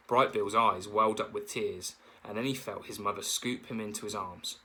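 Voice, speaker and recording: A man's voice: on the low side, steady tone, moderate pace, few pauses, sharp tone, slight background noise, low-quality recording. A man, a teacher, reading a children's novel aloud and stopping to explain words.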